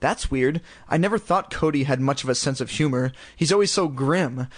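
A man voicing a sarcastic teenage girl who protests loudly and whines when accused. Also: mid-range voice, moderate pace, lightly acted. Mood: skeptical. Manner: whiny, exaggerated protesting.

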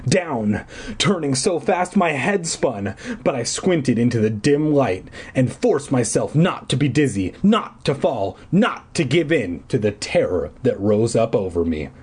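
A man reads a story aloud with a husky voice that moves a lot in pitch. He reads in a playful way and adds jokes between the lines. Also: sing-song, measured pace, darkish tone. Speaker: storyteller reading a book aloud. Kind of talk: joking read-aloud narration.

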